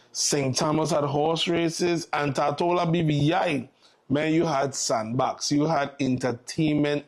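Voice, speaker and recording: Man, morning show host, slightly high voice, upbeat welcoming delivery. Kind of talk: live morning show hosting.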